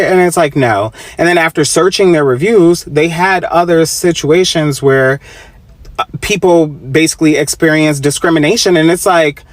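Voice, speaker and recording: A man's voice: a little high, no room sound. A man giving casual commentary, telling a personal story in a blunt way with a lot of swearing.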